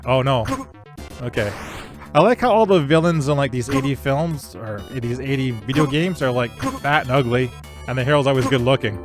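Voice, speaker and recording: A man hosting a gaming stream, chatting casually and giving rambling shout-outs to viewers. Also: mid-range voice, normal speed, faint music behind. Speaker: streamer host.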